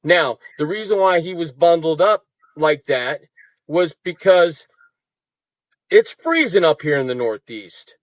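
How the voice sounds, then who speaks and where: A man with a slightly high voice trading accusations in a staged wrestling-style feud. He tends to drop low and quiet as he presses a point. The audio is dull and lo-fi, with a dry sound. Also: lively intonation, measured pace, no room sound. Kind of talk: heated wrestling-style argument.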